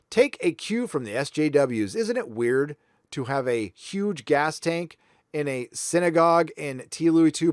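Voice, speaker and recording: A man's voice: a little high, no room sound, studio quality. A man hosting a livestream, reading viewer donations aloud with blunt, profane, sarcastic asides. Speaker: livestream host.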